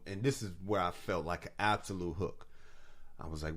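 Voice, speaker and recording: A man with a fairly low voice co-hosts a relaxed podcast conversation. He spins stories with energy, slipping into the voices of the people he quotes and breaking into laughter along the way. He sounds like he is in his forties. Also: moderate pace. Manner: animated storyteller, acts out quotes, laughs often. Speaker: podcast co-host. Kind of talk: casual chat.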